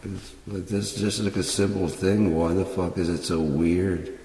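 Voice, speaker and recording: Very deep, gravelly rambling man. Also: flat delivery, unhurried, warm tone. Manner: rambling, profane, drawling. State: high on cannabis. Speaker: vlogger. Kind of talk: casual rambling monologue. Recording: echoey room, mic far off, faint hiss.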